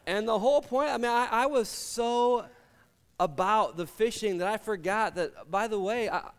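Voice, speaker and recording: The pastor here is a middle-aged man with a high voice and clean tone, speaking at a moderate pace with a big-room sound. His sermon is built on funny personal anecdotes, complete with acted-out voices for the people he quotes.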